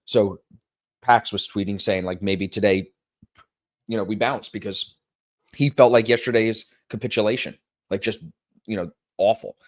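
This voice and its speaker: A young male co-host chats casually, plugging his stream and telling self-mocking stories with lively timing. His voice sits on the low side. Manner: animated storyteller, self-mocking, quick promo patter.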